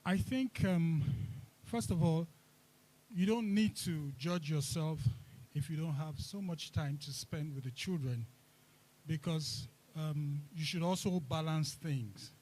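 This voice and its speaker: A man answering as a panel guest, measured and calm, giving advice. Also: on the high side, rough recording.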